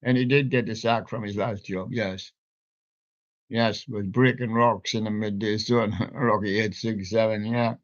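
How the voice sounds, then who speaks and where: Older guy hosting his stream, slow and chuckly, punny, muffled lo-fi sound. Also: lowish voice, steady tone. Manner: chuckling, jokey wordplay, talks to his props. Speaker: live stream host. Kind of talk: rambling solo live-stream chat. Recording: dull lo-fi stream audio.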